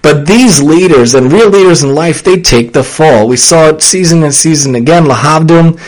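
A young man hosting a solo podcast, talking earnestly and preachily, with sudden excited bursts. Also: on the high side, moderate pace, rough recording. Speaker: podcast host. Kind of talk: casual solo podcast talk.

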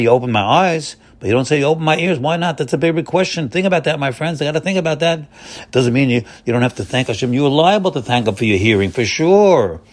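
A man giving an informal spoken sermon to a group as their religious teacher, folksy and repetitive, asking questions and answering them himself. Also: fairly high pitch. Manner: folksy and repetitive, often says "my friends".

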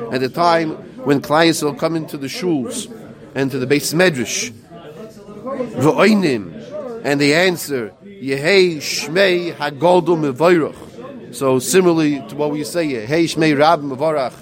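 Man teaching Talmud in a singsong. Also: on the high side. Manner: chants the Aramaic text slowly, then explains it in quick plain English. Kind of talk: Talmud lecture with chanted readings.

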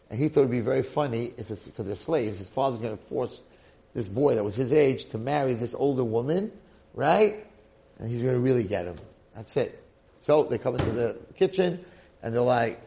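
A man giving a Torah lecture who tells a story in an animated, colloquial way. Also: medium pitch, moderate pace, vocal fry.

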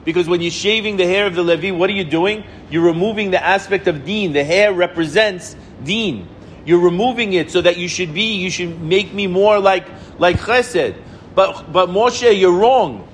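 A middle-aged man giving an informal Torah lesson, animated, repeating words for emphasis and answering his own questions. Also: sits high, moderate pace, slight background noise. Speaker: rabbi teaching the weekly Torah portion.

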